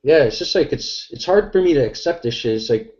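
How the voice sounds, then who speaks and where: A man's voice: medium pitch, expressive, brisk, a little mellow, dull audio. A tipsy middle-aged man chatting on a podcast, rambling and crude with many fillers. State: tipsy from drinking beer. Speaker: podcast guest. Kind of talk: casual chat.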